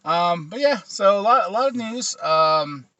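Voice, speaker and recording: A man's voice: high-pitched, expressive, unhurried, pushed and bright, no echo, highs cut off. A man co-hosting a casual pop-culture chat, an enthusiastic fan who laughs easily. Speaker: podcast co-host.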